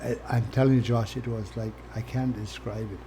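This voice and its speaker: Earnest older man with a mellow voice. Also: medium pitch, brisk, a little hiss or hum. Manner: earnest, plain-spoken, swings from quiet to animated. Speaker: interview guest, former First Nations chief. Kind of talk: candid personal storytelling.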